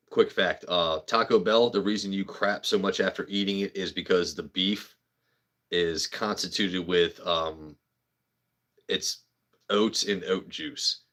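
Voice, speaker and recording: A man with a notably low voice chats loosely on a livestream. He rambles from story to story, swears freely and answers viewers by name in a joking, offhand way. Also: a bit bright. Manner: profane, joking, talks to chat by name. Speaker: livestream host. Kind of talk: casual rambling livestream chat.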